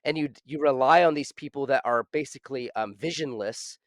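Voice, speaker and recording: A man hosting a casual podcast discussion, thoughtful and halting, with many fillers. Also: mid-range voice, dry recording, studio quality.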